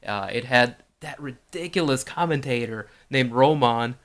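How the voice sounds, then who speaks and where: A man co-hosts a casual sports podcast in a measured, easygoing manner. His voice sits at an ordinary middle pitch. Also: fairly bright tone. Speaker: podcast co-host. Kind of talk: casual chat.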